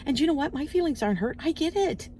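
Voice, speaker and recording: A woman's voice: high voice, lively intonation, quick pace, dark tone. A middle-aged woman chatting animatedly into her phone outdoors, telling stories and acting out little voices. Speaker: vlogger. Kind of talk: casual chatty rant to camera. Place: outdoors, waiting in parked car area.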